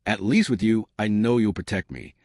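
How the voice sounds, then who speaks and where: A man's voice: fairly low pitch, normal speed, a little mellow, no room sound, studio quality. A man voicing a frightened young woman. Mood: anxious.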